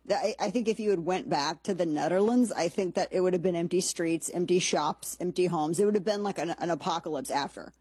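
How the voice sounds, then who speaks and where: A woman's voice: fairly low pitch, brisk, hardly any pauses, darkish tone, slightly rough, dry recording. A woman hosting a commentary show, talking in a chatty, sarcastic, rambling way with lots of asides. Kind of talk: casual monologue commentary.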